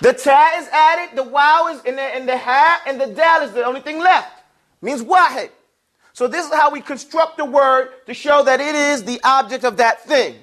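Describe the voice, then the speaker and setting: Man, teacher, classroom lesson, call-and-response, patient explaining, strikingly high voice. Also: normal speed, a bit bright. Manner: call-and-response, has the class repeat words. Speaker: Arabic and Quran recitation teacher.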